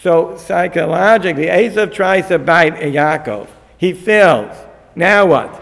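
A man teaching a lecture on a Torah text, animated and acting out the figures in the story. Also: a little high, moderate pace, gravelly. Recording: long hall reverb.

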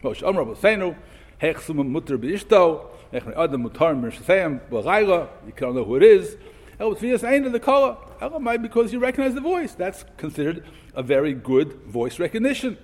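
A man's voice: sits high, big pitch swings, a little fast, darkish tone. A man teaching a Torah lesson, quoting Hebrew texts and explaining them in English with many questions. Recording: echoey hall.

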